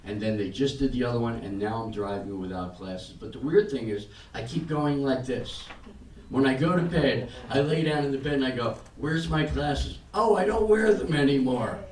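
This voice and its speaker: An older man performing a stand-up set, telling stories in a deadpan way and acting out the other people in them. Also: mid-range voice, normal speed. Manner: deadpan storytelling with acted-out quotes. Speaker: stand-up comedian. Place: comedy club stage. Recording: roomy club sound from a distance. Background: audience laughter and room noise.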